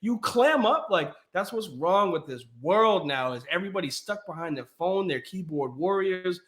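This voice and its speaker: This is a man co-hosting a casual sports podcast. His voice sits a little high, and he tells stories with plenty of energy, acting out the people he quotes and laughing along the way. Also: moderate pace. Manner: animated storytelling, acts out quotes in a high voice, laughs often. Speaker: podcast co-host.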